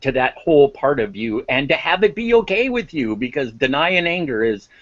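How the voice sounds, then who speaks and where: A man's voice: medium pitch, sing-song, moderate pace, fairly bright tone, no echo, highs cut off. A man speaking as an interview guest on emotional intelligence, impassioned and emphatic, repeating words for stress. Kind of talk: interview talk.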